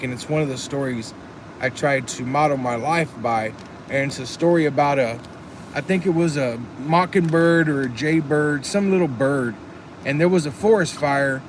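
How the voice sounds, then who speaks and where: A man's voice: mid-range voice, noisy background. A man chatting casually on a live stream, earnest and rambling, reading chat comments aloud. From Texas.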